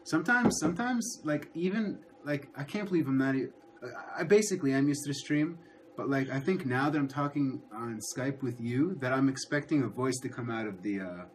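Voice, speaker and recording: A man's voice: medium pitch, fairly quick, a little hiss or hum. Hesitant male streamer, easygoing chat with a guest. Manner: hesitant, repeats words and restarts. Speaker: livestream host. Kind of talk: casual chat.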